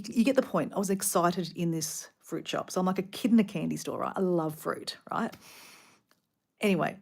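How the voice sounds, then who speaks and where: Chatty Australian woman, lowish voice. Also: vocal fry. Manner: chatty, animated, full of "like" and asides. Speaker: vlogger. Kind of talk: casual rambling storytelling. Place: hotel room.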